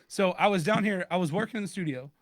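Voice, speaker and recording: A podcast co-host with a high voice talks at a quick pace, telling a story in casual conversation and performing both sides of a phone call. The recording is dry.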